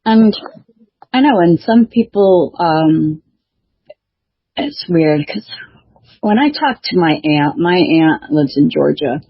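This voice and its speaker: A woman's voice: deep voice, animated, slow, pauses often, husky, no room sound. A woman author and show host chatting casually, talking hesitantly with many fillers and restarts. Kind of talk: casual chat. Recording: dull lo-fi dry recording.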